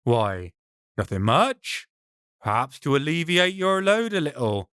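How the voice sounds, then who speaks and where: A man voicing a menacing, smooth-talking brigand with a mocking, silky courtesy. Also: on the high side, big pitch swings, measured pace, fairly bright tone, dry recording, studio quality.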